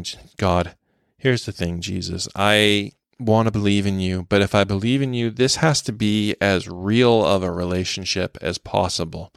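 A man hosting a devotional podcast, speaking earnestly and from the heart about faith, with some halting restarts, and closing in prayer. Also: on the low side, vocal fry, clean tone, no echo, studio quality. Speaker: podcast host.

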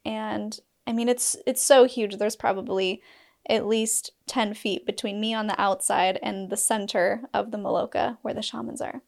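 A woman's voice: mid-range voice, fairly even intonation, moderate pace, gravelly. A woman from Utah telling a personal story in a candid vlog, breaking off with laughs and asides. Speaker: storyteller sharing a personal experience.

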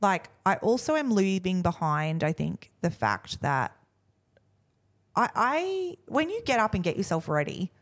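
A woman's voice: mid-range voice, big pitch swings, unhurried. A woman, co-hosting a podcast in casual, self-mocking chat and acting out what others said. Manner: chatty, self-mocking, acts out quotes. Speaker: podcast co-host.

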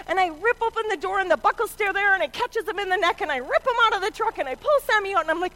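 Brief: middle-aged woman storyteller, bright high voice, dramatic shouts and hushed asides. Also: animated, fast, few pauses, rough recording. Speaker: mother telling a story. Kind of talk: animated personal storytelling.

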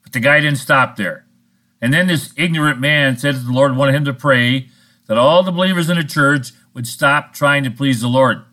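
A man's voice: medium pitch, moderate pace, bright, forceful tone. A man preaching a sermon in a blunt, scolding, sarcastic manner. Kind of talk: recorded sermon monologue.

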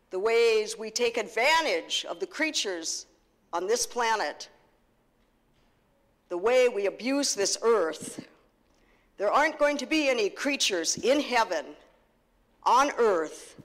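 Slow, earnest woman preaching in a church. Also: fairly high pitch. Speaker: pastor. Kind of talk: sermon. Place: church sanctuary. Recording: long reverb of a church hall.

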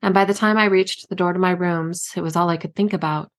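A woman reading her own novel aloud in a steady, measured first-person narration. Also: fairly low pitch. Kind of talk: audiobook narration.

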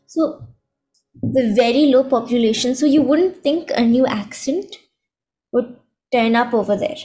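Teen girl guest, high voice, thoughtful and a bit hesitant, soft music behind. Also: unhurried. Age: teens. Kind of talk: casual chat.

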